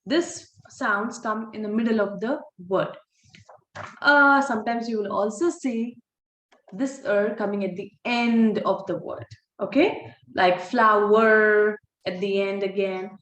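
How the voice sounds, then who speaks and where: A woman teaching a recorded online phonics lesson, sounding out words slowly and breaking off with apologetic asides. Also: mid-range voice, a bit bright, echoey room. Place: holiday home by the sea, waves audible.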